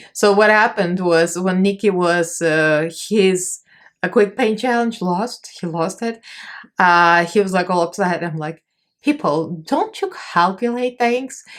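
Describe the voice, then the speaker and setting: In a tutorial voice-over for her vlog, a woman makeup artist chats along in a rambling, self-mocking way. Her voice sits on the low side.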